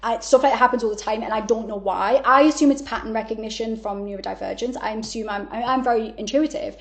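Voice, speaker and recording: Animated, blunt woman with a higher voice. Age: 30s. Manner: animated, blunt, swears freely, quick asides. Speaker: podcast guest. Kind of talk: candid conversational storytelling.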